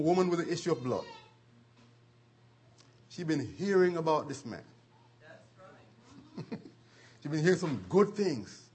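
A husky-voiced man preaching a sermon with a slightly raised pitch. He retells scripture stories in an animated way, slowing down for weight and chuckling as he goes. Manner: animated storytelling with chuckles and dramatic slowdowns.

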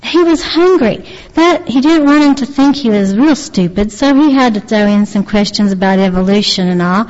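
A woman's voice: on the high side, lively intonation, darkish tone. Earnest woman preaching in a reverberant hall. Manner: earnest, halting, with frequent restarts. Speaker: lay preacher retelling a testimony. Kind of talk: devotional storytelling. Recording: long reverb, dull lo-fi sound.

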